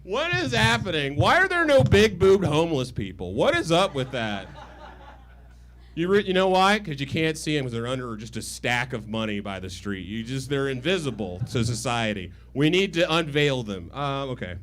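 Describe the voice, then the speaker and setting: A man's voice: medium pitch, big pitch swings, moderate pace, fairly bright tone. Rambling crude stand-up comedian man. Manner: rambling, self-deprecating, crude. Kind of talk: stand-up set, then casual chat. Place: comedy stage with live audience.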